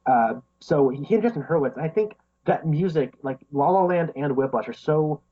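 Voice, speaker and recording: A man's voice: a little high, animated, moderate pace, dark tone, highs cut off. A man co-hosting a podcast, chatting casually and enthusiastically about a film, laughing often and filling with "um" and "like". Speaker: podcast co-host.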